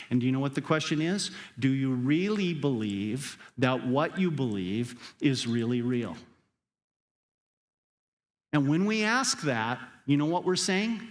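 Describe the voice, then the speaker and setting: A man preaching a sermon as a pastor, talking straight to the congregation and building to urgent emphatic peaks before dropping back down. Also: medium pitch. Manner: conversational, speaks directly to the congregation.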